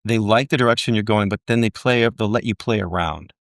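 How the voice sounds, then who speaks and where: A man's voice: lowish voice, fairly quick, no echo, clean studio sound. A middle-aged man, an actor, telling stories from his career in a casual interview and acting out the people he quotes. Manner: animated storyteller, acts out quotes. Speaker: actor guest.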